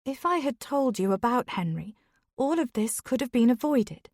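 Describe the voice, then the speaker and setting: Woman voicing a young victorian noblewoman, earnest, higher voice, dry close sound. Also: sing-song, moderate pace, darkish tone, no room sound. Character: young aristocratic Victorian wife, strong-willed.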